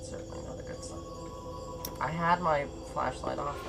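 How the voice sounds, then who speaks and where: A young man with a high, nasal, nerdy voice giving rambly, jokey let's-play commentary on a game. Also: normal speed, vocal fry, loud music behind the voice. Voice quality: high nasal nerdy voice, compared to a cartoon sponge. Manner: rambly, jokey, self-deprecating. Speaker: gaming commentator.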